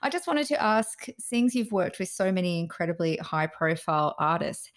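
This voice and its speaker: A woman's voice: lowish voice, very animated, normal speed. A woman hosting a podcast, polite and upbeat as she asks questions and signs off. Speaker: podcast host. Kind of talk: interview and scripted outro. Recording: music playing behind.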